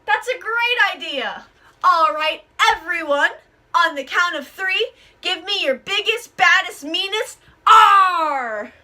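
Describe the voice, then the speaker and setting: A woman's voice: extremely high pitch, animated, a little slow, bright, forceful tone. A woman hosting a pirate-themed children's event, leading scripted call-and-response in an exaggerated, upbeat, instructive way.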